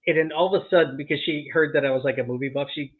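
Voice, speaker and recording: Husky lively man on a tinny mic. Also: on the high side, very fast. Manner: chatty, laughs often, reads the chat aloud. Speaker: co-host of a live movie watch-along. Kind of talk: casual chat.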